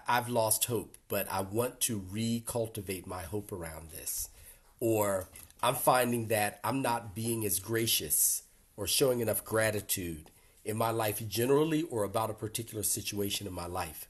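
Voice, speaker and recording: An older man speaking earnestly to a support group in a reflective workshop talk, gently emotional, with pauses. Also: lowish voice, slightly rough.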